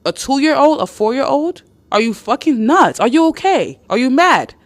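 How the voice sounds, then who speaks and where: A woman's voice: sits high, sing-song, moderate pace. Woman live-streamer, chatty and blunt, swears freely, repeats herself for emphasis. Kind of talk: live-stream chat reading viewer comments.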